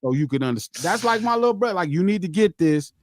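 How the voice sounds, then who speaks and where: A man hosts a casual podcast chat, telling a long personal story with lots of repetition. His voice sits high and swings widely. The sound is dry and close. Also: quick pace, dry recording. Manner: animated, repeats himself, acts out quotes. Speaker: podcast host.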